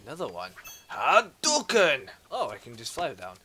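A man giving casual let's play commentary, playfully talking to game creatures and breaking into excitable exclamations. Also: fairly low pitch, fast talker, slight background noise.

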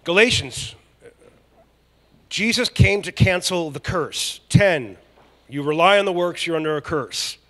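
A male pastor preaching a conversational, joking sermon that builds to loud emphatic peaks. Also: on the high side, animated, a little slow, pauses often. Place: large church hall. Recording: long church hall reverb.

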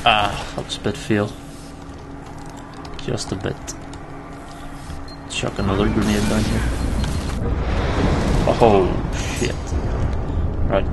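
A young man commentating his own gameplay, swearing freely and shouting at enemies as he plays. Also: lowish voice. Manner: sweary, excitable, talks to enemies. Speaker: let's play gamer. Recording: noisy home mic recording.

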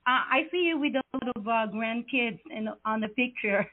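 High-voiced woman hosting a phone-in show. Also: normal speed. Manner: chatty, repeats words, lots of fillers. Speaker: talk show host. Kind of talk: Christian call-in talk show. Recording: tinny phone line with faint hiss.

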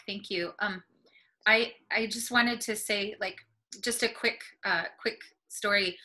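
On a video call webinar, a woman who is a panelist on plant medicine speaks earnestly and encouragingly, growing emotional as she talks. Her fairly high voice sounds pushed and bright, and the recording quality is low.

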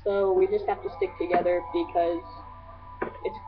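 This teenage girl's voice sits lowish and comes out flat at a normal speed, with music in the background. Still, she gushes and rambles scattershot to her friends in a casual vlog, leaning heavily on fillers. Tinny webcam audio gives it a lo-fi feel.

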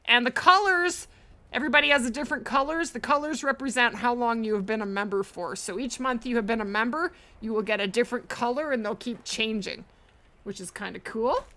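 A woman's voice: fairly high pitch, a little fast, pushed and bright. A woman streaming a hunting game live, chatting casually, thanking viewers and often laughing. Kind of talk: live gameplay stream chat.

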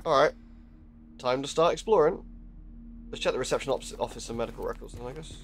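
A man's voice: medium pitch, quick pace, faint music behind. A young man chatting casually while live-streaming a horror game, joking, swearing and laughing often.

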